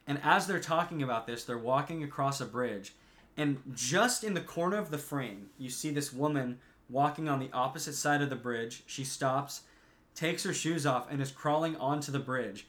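A man casually recapping a film plot with lots of fillers, animated like a storyteller. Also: mid-range voice, normal speed.

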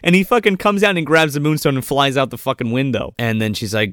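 A man's voice: medium pitch, brisk, few pauses, no room sound, clean studio sound. A man co-hosting a podcast, casually recapping a movie plot with lots of swearing and acted-out quotes. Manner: profane, animated, acts out quotes in voices. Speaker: podcast co-host.

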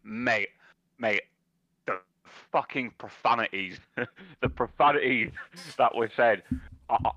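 A young man rants and swears in a casual podcast chat, and every few words he tosses in "mate" or "bruv." His voice sits at an average pitch. The recording is dry and a little dull, with no room sound. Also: slow, long pauses, no echo. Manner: animated ranting, heavy swearing, repeats "mate" and "bruv". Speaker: podcast co-host.

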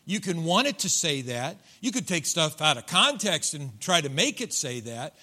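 A man's voice: fairly high pitch, sing-song, normal speed, pushed and bright, husky. A middle-aged man preaching a sermon in a church, folksy and joking, acting out voices from his congregation. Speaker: pastor. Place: church sanctuary.

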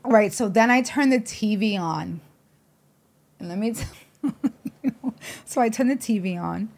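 A woman's voice: mid-range voice, measured pace, gravelly. A woman co-hosting a podcast, telling stories animatedly and acting out the voices of the people in them. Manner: animated storyteller who acts out voices. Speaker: podcast co-host. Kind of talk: casual chat.

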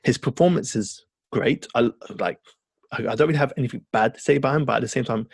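Aussie guy gushing about stuff on a podcast, gravelly voice, dry close mic. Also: medium pitch, quick pace, dry recording. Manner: enthusiastic, rambling, swears casually. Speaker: podcast co-host. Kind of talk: casual chat.

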